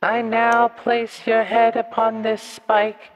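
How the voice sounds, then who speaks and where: A tiny grandiose demon child lord. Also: male voice, very high voice, monotone, long reverb tail, poor audio. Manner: grandiose, commanding, slow.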